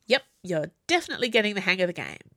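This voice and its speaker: A weary old soldier who talks in short, clipped bursts, played by a woman reading a storybook. His words come out gruff, dry and close to the mic. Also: medium pitch, very animated, fast, pushed and bright, dry recording. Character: gruff older male army sergeant.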